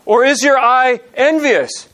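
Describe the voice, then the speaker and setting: Male pastor, high voice, lively sermon delivery, plays out the story's characters. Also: slow pace. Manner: animated storytelling, acts out parable characters in grumbling voices.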